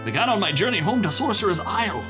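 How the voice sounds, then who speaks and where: A man's voice: high voice, sing-song, quick pace, over music, pitched above the performer's own voice. A man voicing an earnest elder brother recounting his ordeal in a raised, grave voice.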